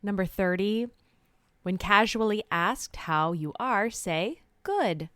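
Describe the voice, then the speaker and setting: A woman co-hosting a casual podcast chat, chatty and quick to laugh, telling animated anecdotes. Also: medium pitch, no room sound, studio quality. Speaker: podcast co-host.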